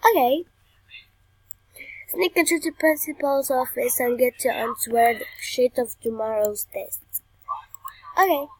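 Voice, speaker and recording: A woman's voice: fairly high pitch, measured pace, a little mellow, slightly rough, dry recording, rough recording. A young woman playing a video game, reading the on-screen text aloud and chatting playfully as she plays. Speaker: gamer. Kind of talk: game commentary.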